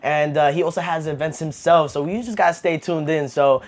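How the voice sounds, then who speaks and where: A man's voice: on the high side, steady tone, fairly quick. A young man hosting a podcast, talking in an easygoing, affirming way with casual fillers. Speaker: podcast host.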